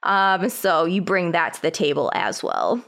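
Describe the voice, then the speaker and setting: Clear-voiced woman gushing in podcast chat. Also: lowish voice, very animated, a little slow, a bit bright. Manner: earnest, gushing compliments. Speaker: podcast co-host.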